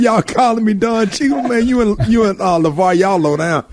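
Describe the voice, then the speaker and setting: A man's voice: high-pitched, normal speed, background noise. A man hosting a morning radio show, joking and laughing in casual banter. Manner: laughing, joking, Southern Black American vernacular.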